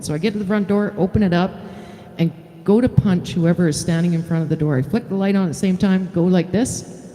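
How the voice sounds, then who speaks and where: A woman's voice: fairly low pitch, quick pace, dark tone. A middle-aged woman, a singer-songwriter, chatting frankly and telling a story on a live stream. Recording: reverberant room with faint guitar.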